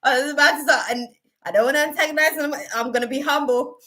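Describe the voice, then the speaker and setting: A woman's voice: high voice, fairly even intonation, fast, pushed and bright. Effusive, rambling woman tarot streamer. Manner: effusive and emotional, rambling with many fillers. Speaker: tarot reader hosting a live stream. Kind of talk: casual livestream chat.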